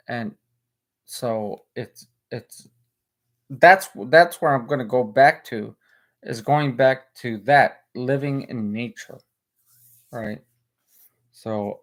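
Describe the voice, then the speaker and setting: A man hosting a casual livestream, talking earnestly in a halting way with many restarts. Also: mid-range voice. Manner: earnest and emotional. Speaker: livestream host.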